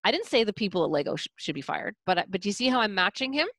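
A woman's voice: mid-range voice, fast talker, no echo. A middle-aged woman coaching a parent, explaining techniques and acting out examples. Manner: animated, demonstrative, explains with acted examples. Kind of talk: coaching talk.

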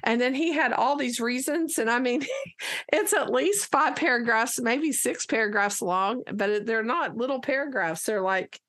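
A woman teacher telling a lively classroom story in casual conversation, acting out the dialogue as she goes. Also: a little high, moderate pace.

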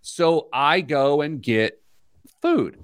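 A man's voice: fairly high pitch, lively intonation, very slow, no room sound, studio quality. An American man hosting a podcast, telling a self-mocking story in casual chat. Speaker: podcast host; youth soccer coach.

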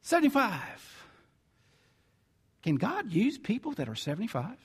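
Reading from scripture, a pastor with a Southern accent delivers a lively, conversational sermon and corrects himself now and then. He talks somewhat slowly in a high, slightly rough voice.

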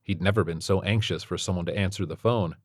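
A man narrating a story in a steady, measured way. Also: low voice, no echo, studio quality. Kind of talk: scripted narration.

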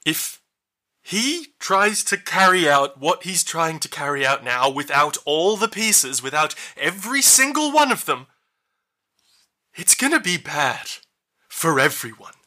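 Casting: man playing an unhinged, furious woman villain for a tabletop game, high and loud, bright edge. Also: sing-song, measured pace, full character voice. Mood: tense, pleading. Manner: shouting, high-pitched threats. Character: wild-haired, near-mad woman villain, furious and threatening.

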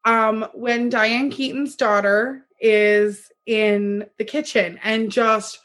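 A woman's voice: a little high, fairly even intonation, slow pace, fairly bright tone. A woman talking casually on a podcast, earnestly reflecting and retelling movie scenes. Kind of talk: casual chat.

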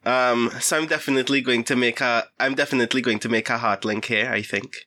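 Brief: male player, bright forward tone, explains things thoughtfully. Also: mid-range voice, fairly even intonation, fast talker. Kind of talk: casual tabletop play.

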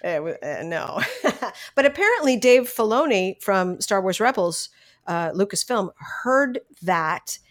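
A middle-aged woman recounting her voice work in a relaxed interview. Her pitch sits mid-range for a woman but she swings it a lot as she gets excited, and she laughs easily and trips over her own sentence starts. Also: unhurried. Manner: animated, laughs often, restarts sentences. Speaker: voice actress guest. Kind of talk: casual interview storytelling.

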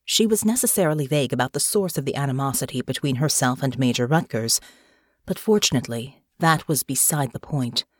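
Low-voiced woman narrating an audiobook. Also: no room sound, clean studio sound. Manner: measured, even storytelling.

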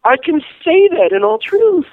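A man telling a lively story in a casual interview, laughing as he goes. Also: very high-pitched, moderate pace, gravelly. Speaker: guest, peace activist and priest. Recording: tinny phone-like line.

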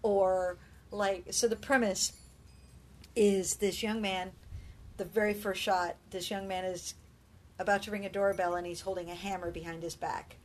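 A woman chatting casually about a film, telling it with animated energy and acting out lines, sounding exhausted. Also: mid-range voice, moderate pace, slight background noise. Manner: animated storyteller, acts out dialogue.

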